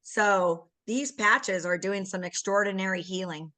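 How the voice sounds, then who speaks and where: A woman's voice: mid-range voice, steady tone, measured pace, bright, forceful tone. A woman sharing an earnest, emotional personal testimonial on a video call. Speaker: guest giving a testimonial.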